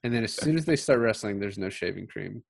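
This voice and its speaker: A man co-hosting a casual podcast, relaxed and given to laughing as he talks about a film. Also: fairly low pitch, quick pace, creaky, dry recording. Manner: relaxed, laughs often, quotes film lines in passing. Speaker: podcast co-host.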